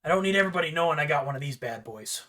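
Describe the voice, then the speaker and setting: A man's voice: fairly high pitch, animated, rapid-fire, a bit bright, distant mic. A man doing a proud craftsman. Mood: boastful. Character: proud, fussy middle-aged male craftsman.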